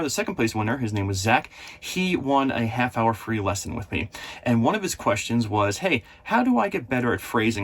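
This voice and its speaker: A man teaching guitar in a casual, chatty and encouraging way, recording on the road in an RV. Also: mid-range voice. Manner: chatty, encouraging, repeats himself. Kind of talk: casual video lesson.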